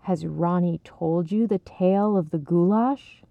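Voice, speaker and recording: A woman voicing a kindly father who tells a grand tale in a storybook reading, in a gentle, theatrical manner. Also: on the low side, a little slow, gravelly, dry recording. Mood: storytelling. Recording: tinny phone-like sound, dry.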